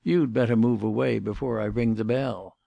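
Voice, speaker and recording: Casting: man reading a blunt, grumbling inspector, gravelly and rough, pushing impatiently. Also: mid-range voice, fairly even intonation, normal speed, mellow, no echo. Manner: gruff and impatient.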